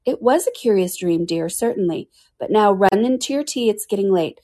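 A woman voicing a gentle, caring older sister who soothes a young girl in a storybook reading. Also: medium pitch, animated, normal speed, lightly acted.

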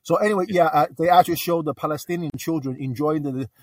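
A man calling in to a talk show, speaking earnestly and haltingly, with many pauses and fillers. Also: a little high, no echo, recorded from a distance. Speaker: caller. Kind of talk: casual call-in talk.

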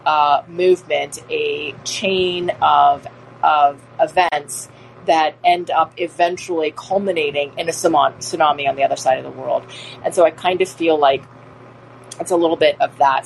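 A woman's voice: low voice, vocal fry, slight background noise. A woman giving a casual spoken lesson, talking in an earnest, rambling way with many ums and restarts. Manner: earnest, easily moved. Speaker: presenter explaining literature.

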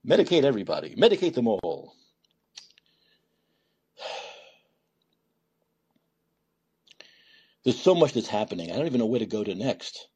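A man hosting a podcast, talking alone in sarcastic, animated political commentary, swearing and thinking out loud. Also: mid-range voice, fast talker, few pauses, slightly rough. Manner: animated and sarcastic, mocking voices of opponents. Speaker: podcast host.

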